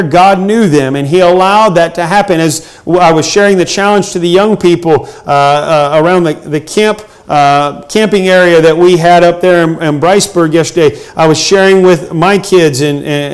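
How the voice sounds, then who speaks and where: A middle-aged male pastor preaching a sermon, earnest and emphatic, with frequent hesitations. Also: high voice.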